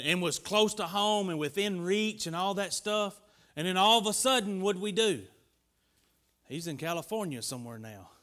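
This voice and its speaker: A middle-aged man preaching with a high, bright, forceful voice. He urges his listeners emphatically, sometimes nearly shouting, then drops low to tell a homely story. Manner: emphatic, rising and dropping, sometimes near shouting; folksy storytelling. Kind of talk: sermon.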